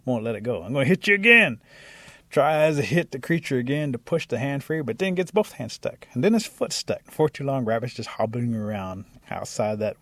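A man telling a traditional animal folk tale in a lively, animated way. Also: mid-range voice, fairly quick, few pauses, no room sound. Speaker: storyteller. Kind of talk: oral storytelling.

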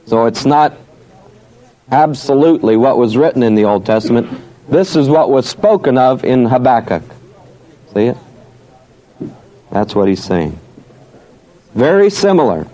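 Man, Bible teacher, slow deliberate delivery, mellow tone, reads scripture in drawn-out cadence. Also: mid-range voice, very animated, poor audio. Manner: slow, deliberate, questioning and answering himself. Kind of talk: Bible study lecture.

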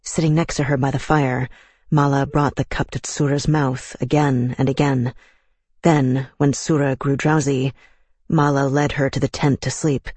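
A man reading a novel aloud as narrator, in a measured, even storytelling manner, close to the mic. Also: mid-range voice, slightly rough, no room sound. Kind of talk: scripted audiobook narration.

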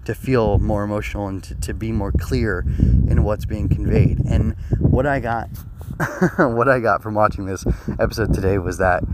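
A man's voice: on the low side, moderate pace, heavy background noise. Rambling man with a sore throat. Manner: rambling, full of fillers and restarts; earnest and emotional. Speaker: anime episode reviewer. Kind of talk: casual spoken review.

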